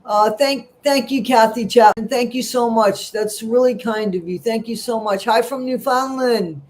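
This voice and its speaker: A man's voice: very high voice, steady tone, moderate pace. A middle-aged man hosts a casual livestream, reading out viewer comments and gossiping in a rambling, chatty way. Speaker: livestream host.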